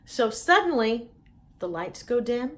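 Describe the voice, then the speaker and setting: A woman's voice: fairly high pitch, big pitch swings, a little slow. A middle-aged woman telling a personal story with humor, laughing often.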